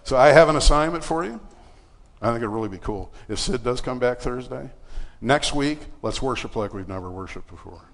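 A man with a gravelly, medium-pitched voice preaches briskly in a space with big-room sound. His sermon is a conversational personal story, peppered with fillers and acted-out voices.

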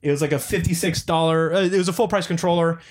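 A man's voice: on the high side, quick pace. A man in casual chat, telling a rambling, profane story from his retail job and acting out what people said. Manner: rambling, profane, quotes people in lively voices.

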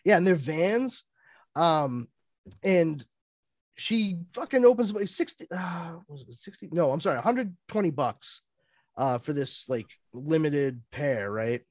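Lively, cussing podcast storyteller man. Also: on the high side, measured pace, no echo, studio quality. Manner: animated, profane storyteller. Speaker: podcast panelist.

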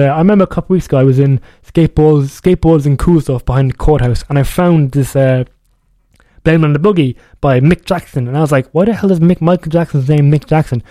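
A young man hosts a music radio show, rambling and correcting himself as he chats casually. His voice sits a little high and sounds mellow. The studio sound is dry and close. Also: no room sound. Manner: rambling, self-correcting, chatty. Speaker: radio DJ host.

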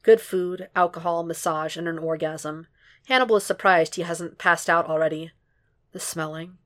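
A woman narrating a fan fiction audiobook in a steady, unhurried way. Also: fairly low pitch. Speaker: podfic reader.

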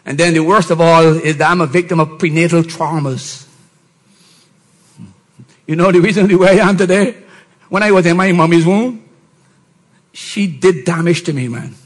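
A middle-aged man, a pastor, preaching a sermon and often rising to shouted emphasis with mocking put-on voices. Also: a little high, moderate pace, long pauses, poor audio.

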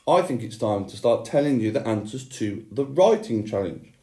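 A male teacher reading a children's story aloud and then giving a handwriting lesson, clear and expressive. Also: medium pitch, normal speed, over music.

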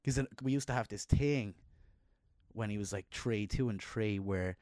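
A middle-aged man on a casual podcast, low-voiced and heartfelt. He turns emotional and jumps up high when he quotes himself. The sound is dry and close. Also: moderate pace, darkish tone, no room sound. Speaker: podcast co-host. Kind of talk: casual chat.

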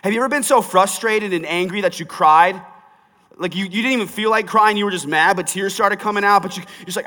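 A pastor preaching a sermon, reading scripture and then talking it through in a conversational, sometimes emphatic way. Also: male voice, high-pitched, steady tone, brisk, sharp tone, in a large hall.

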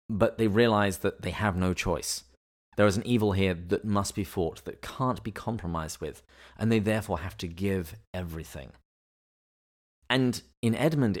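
A man co-hosting a podcast, explaining literature and theology in a measured, lecturing way. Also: low voice. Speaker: podcast co-host.

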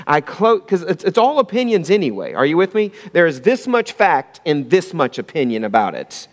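Lively preaching pastor in a hall. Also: male voice, fairly high pitch, normal speed, hardly any pauses. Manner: conversational preaching, asks the congregation questions. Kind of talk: sermon.

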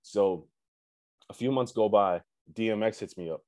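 A young man from Canada, a musician telling a story in a relaxed, slangy chat full of fillers. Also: lowish voice, moderate pace, dry recording. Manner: laid-back slangy talk with many fillers and profanity. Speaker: musician guest.

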